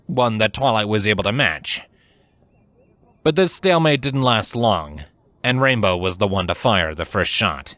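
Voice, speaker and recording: A man reading fan fiction aloud as scripted narration, measured and steady. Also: on the low side, dry recording. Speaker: fanfiction reader.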